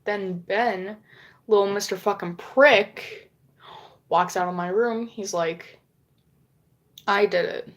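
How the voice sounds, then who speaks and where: A woman's voice: medium pitch, slow. A woman vlogger casually telling a long rambling story, swearing often and acting out what others said. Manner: rambling, frequent swearing, acts out quoted lines.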